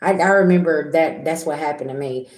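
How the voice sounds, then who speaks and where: Low-voiced blunt woman doing a tarot reading. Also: a little fast, darkish tone, echoey room. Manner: blunt, repetitive, talks straight to viewers. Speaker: tarot reader. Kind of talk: casual tarot reading monologue.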